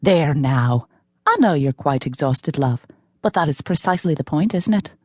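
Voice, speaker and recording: A woman's voice: low voice, expressive, normal speed, warm tone, no echo, clean studio sound. A woman voicing a cheerful, fearless female fitness guru with a lilting Irish accent. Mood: coaxing. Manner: lilting, coaxing.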